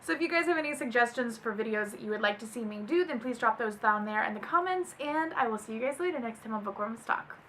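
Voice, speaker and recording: A woman's voice: fairly high pitch, lively intonation, quick pace, few pauses, a bit bright, slight background noise. A young woman hosting a casual book vlog, reading poems aloud and often breaking into laughter. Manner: giggly, easily amused, breaks into laughter. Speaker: booktuber host.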